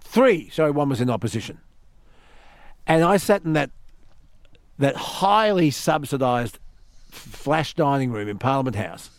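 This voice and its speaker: A man's voice: medium pitch, expressive, a little slow, long pauses, no room sound, studio quality. An Australian man hosting a radio show, telling stories in casual banter and hammering his points with repeats. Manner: storytelling, emphatic repeats. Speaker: radio host.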